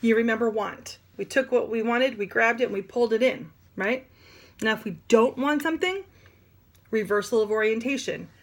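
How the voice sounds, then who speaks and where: A woman teaching sign language vocabulary in an animated, demonstrative way, with playful asides. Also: a little high, moderate pace. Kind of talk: classroom lesson.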